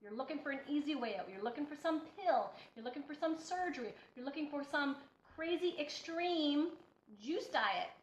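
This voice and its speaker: A woman's voice: high-pitched, lively intonation, moderate pace, a little hiss or hum. A woman giving a blunt, preachy motivational talk as a healthy-eating coach, speaking emphatically to her viewers. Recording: echoey room, dull lo-fi sound.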